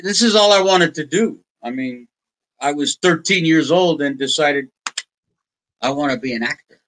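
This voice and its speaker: An older American man, appearing as a podcast guest, tells casual interview stories in a rambling way, often restarting and quoting other people in put-on voices. His voice sits on the high side with a slightly bright quality at a normal pace. The audio is poor, with slight background noise.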